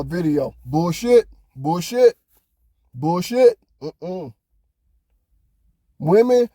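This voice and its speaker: A man's voice: sits high, warm tone, no echo, clean studio sound. A man hosting a podcast, ranting heatedly in casual talk, swearing often. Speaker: podcast host. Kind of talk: casual opinion monologue.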